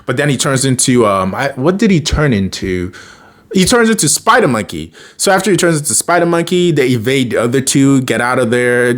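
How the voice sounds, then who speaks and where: A man's voice: medium pitch, lively intonation, a little fast, fairly bright tone. A man casually recapping a cartoon episode in a rambling way, with lots of fillers and restarts. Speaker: cartoon reviewer.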